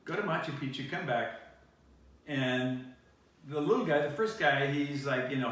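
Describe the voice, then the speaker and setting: A man's voice: mid-range voice, lively intonation, normal speed, a bit bright, slight background noise. A man hosting a show, telling long rambling anecdotes and correcting himself as he goes. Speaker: show host. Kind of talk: casual storytelling to camera. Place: studio. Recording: echoey room, picked up from a distance.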